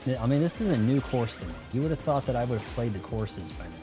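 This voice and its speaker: Man, live gameplay streamer, casual rambling commentary, average pitch, game music clearly behind. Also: lively intonation, fast talker. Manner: rambling, joking asides while playing.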